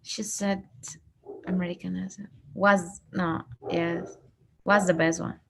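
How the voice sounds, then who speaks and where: Woman student, native Spanish speaker, hesitant answers, low voice. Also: flat delivery, slow, gravelly, noisy background. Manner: hesitant, short replies. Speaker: English student. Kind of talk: one-on-one English lesson.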